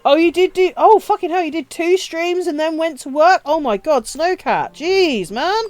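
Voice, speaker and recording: A woman's voice: extremely high pitch, moderate pace, a little mellow, no room sound, soft background music. A woman live-streaming a game, chatting casually with her viewers, swearing freely and laughing often. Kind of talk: casual live-stream chat while playing.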